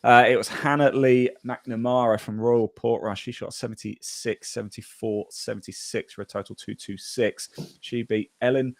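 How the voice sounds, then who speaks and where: A man's voice: mid-range voice, fairly even intonation, normal speed, few pauses, no room sound. A man hosting a golf podcast, chatting casually and reading out scores with fillers and laughs. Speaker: podcast host. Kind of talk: casual golf news chat.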